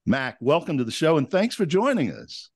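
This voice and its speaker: A man's voice: on the high side, big pitch swings, moderate pace, darkish tone, breathy edge, no room sound, studio quality. A man hosting a podcast, opening in an upbeat announcer style and then chatting with fillers. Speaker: podcast host. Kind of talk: podcast intro and interview.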